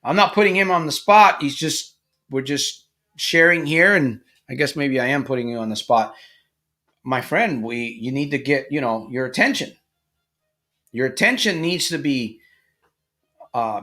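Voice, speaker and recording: A middle-aged man, a problem gambling coach, speaking live to viewers in an animated motivational talk and acting out the characters in his stories. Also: mid-range voice, measured pace, pauses often, faint music behind. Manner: animated storytelling, acts out quoted characters.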